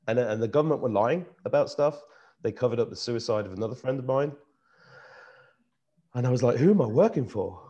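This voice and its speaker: A middle-aged man from Britain, hosting a casual chat and telling a personal story in an earnest, animated way, often restarting his sentences. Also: mid-range voice, a little fast, long pauses, highs cut off. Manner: earnest, animated, repeats himself while searching for words. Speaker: host.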